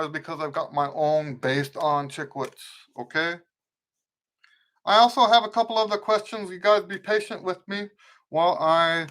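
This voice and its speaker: A middle-aged man speaks in a voice on the high side and a bit bright, with a mixed American accent rooted in Western Pennsylvania, from the eastern United States. He's a trumpet teacher hosting a casual live Q&A show, and he often restarts and rewords his sentences.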